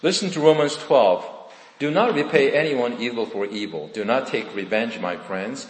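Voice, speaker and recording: A man's voice: mid-range voice, moderate pace. A man preaching a sermon, earnest and questioning his listeners directly. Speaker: pastor. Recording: echoey hall with long reverb.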